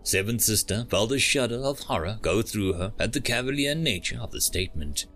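Male storyteller, measured reading, pitch rising and falling freely. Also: animated, fairly bright tone, faint music behind. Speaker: narrator. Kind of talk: storytelling narration.

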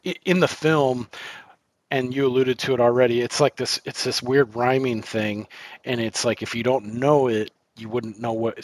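Podcast dude rambling about a movie, lots of likes and f-words, dry close sound. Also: male voice, mid-range voice, dry recording. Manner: rambling, profane, lots of fillers. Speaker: podcast co-host. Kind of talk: casual film podcast chat.

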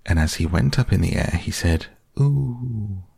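Deep gravelly man reading a storybook. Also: lively intonation, a little fast, a little mellow, no echo, clean studio sound. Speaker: narrator.

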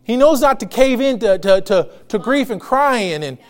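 A man's voice: extremely high pitch, animated, moderate pace. A man pastor preaching a sermon in a church service, emphatic, with repeated phrases and call-and-response.

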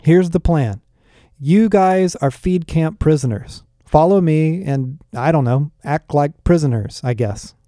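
A man's voice: fairly high pitch, a little slow, mellow, no room sound, studio quality, pitched above the performer's own voice, natural voice. A man voicing a cocky young male lizard-person guide who talks in an offhand, dismissive way. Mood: directing.

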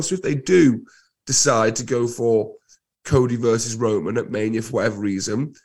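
A man co-hosting a podcast, his voice husky from a head cold, talking in an enthusiastic, emphatic way. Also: medium pitch, brisk, a little mellow. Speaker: podcast co-host. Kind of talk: casual podcast chat.

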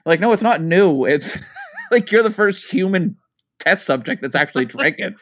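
Brief: male podcast co-host, slightly higher pitch, very animated delivery, rambling profane anecdotes. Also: normal speed. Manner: rambling, profane storytelling with voiced asides. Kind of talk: casual podcast chat.

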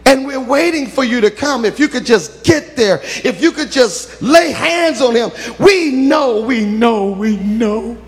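A man's voice: sits high, animated, measured pace, vocal fry, big-room sound, voice pushed up, heavily acted. A preacher voicing an anxious, earnest male messenger who is out of breath. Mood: urgent.

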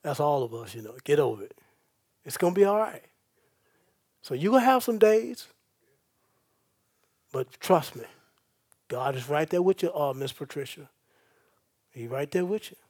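A man preaching a sermon as pastor, swinging between loud bursts and soft, folksy comfort aimed straight at his listeners. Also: fairly high pitch, big pitch swings, moderate pace, pauses often, husky.

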